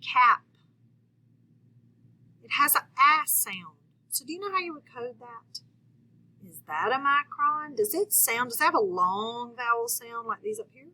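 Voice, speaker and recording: A woman's voice: fairly high pitch, expressive, normal speed, sharp tone, low-quality recording. A woman teacher giving a patient phonics lesson to young children, checking in often with them.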